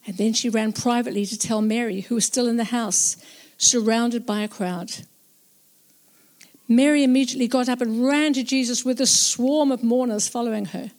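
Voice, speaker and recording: A woman's voice: on the high side, darkish tone. Earnest woman telling a Bible story. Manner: slow, reflective and earnest. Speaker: narrator. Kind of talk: first-person dramatized Bible storytelling.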